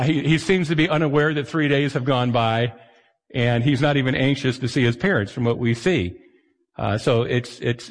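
A man preaching a sermon as pastor, conversational and animated, sometimes acting out the voices of the people he quotes. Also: on the high side. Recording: long hall reverb.

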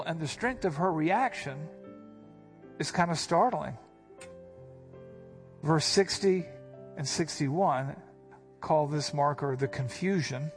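A man teaching verse by verse from the Bible, speaking emphatically and stressing quoted lines sharply. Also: fairly high pitch. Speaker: preacher.

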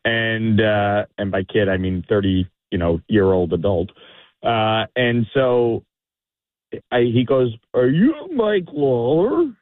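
A politician calling in to a radio show, telling a story with animation and acting out the quotes. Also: male voice, lowish voice, fairly even intonation, slow pace, no echo. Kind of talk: anecdote on a call-in radio show. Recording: phone-line call.

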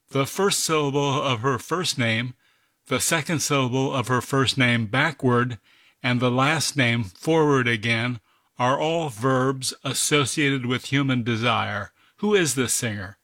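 A man's voice: mid-range voice, a little slow, bright, forceful tone, no room sound. A man hosting a radio word puzzle, spelling out each word letter by letter and encouraging the player. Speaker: puzzle master.

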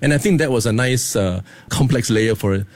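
A man, a guest comedian telling lively anecdotes and laughing often. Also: mid-range voice, a little fast. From Singapore.

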